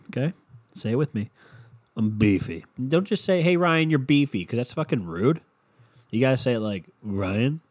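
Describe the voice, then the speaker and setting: A young man with a stuffy nose from a cold hosts a solo podcast from his room, rambling, sarcastic and swearing constantly, close on a handheld mic. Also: fairly low pitch. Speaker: podcast host. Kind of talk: casual solo podcast rant. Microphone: handheld mic held close to the mouth.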